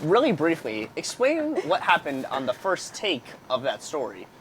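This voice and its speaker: A woman's voice: deep voice, huge pitch swings, normal speed, slightly rough, rough recording. A woman co-hosting a casual chat, throwing in dry, teasing asides. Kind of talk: casual chat among friends.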